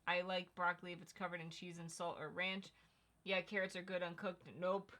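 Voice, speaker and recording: A woman's voice: lowish voice, flat delivery, a little fast, fairly bright tone. A woman co-hosting a casual livestream, chatting and reading out viewer comments. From Connecticut. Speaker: co-host of a livestream.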